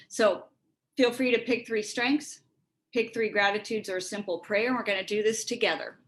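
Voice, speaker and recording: A woman's voice: mid-range voice, steady tone, normal speed, poor audio. A woman leads a workshop talk over a video call, earnest and reflective in tone. Her voice sits in the middle of the range, and she slips into little acted lines of dialogue as she explains. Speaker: speaker on resilience and relationships.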